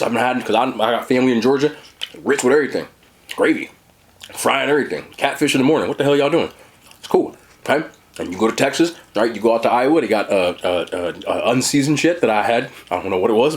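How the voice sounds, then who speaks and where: A young man talks straight to camera in a casual food vlog. His delivery is emphatic and slangy, and his pitch rides up and down with lots of movement. The voice itself sits in a middle register, neither deep nor high. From New Jersey, USA. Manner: animated, emphatic, slangy storytelling. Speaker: mukbang vlogger.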